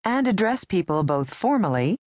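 A woman with a low but lively voice leads a language lesson in scripted narration. She speaks clearly and patiently, guiding the learner step by step. The recording is dry and close. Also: moderate pace, dry recording.

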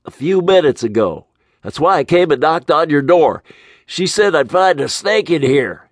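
A man voicing a nervous, jumpy motel manager in a high, anxious, whining voice. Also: expressive, normal speed, no room sound.

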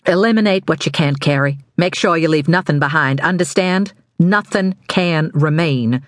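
A woman's voice: sits low, moderate pace, dry recording, natural voice. A woman voicing a ruthless, impatient crime boss who gives clipped, commanding orders in an audiobook.

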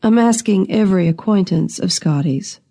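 A woman voicing a stern, blunt male acting constable who talks low and measured. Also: dark tone, natural voice. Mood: questioning.

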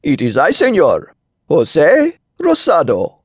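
A man voicing a deep, gruff, gossipy innkeeper in an audiobook. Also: huge pitch swings, unhurried, no echo, clean studio sound, full character voice. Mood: courteous. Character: jovial gruff Spanish innkeeper, male, gossipy. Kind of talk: audiobook character voice.

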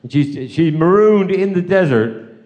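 Older West Country stand-up, high-pitched voice, rambling rude anecdotes for a live crowd. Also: male voice, animated, measured pace, muffled recording. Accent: West Country English. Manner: rambling bawdy yarn-spinning with repeated "I said, she said". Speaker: stand-up comedian. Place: live stage show.

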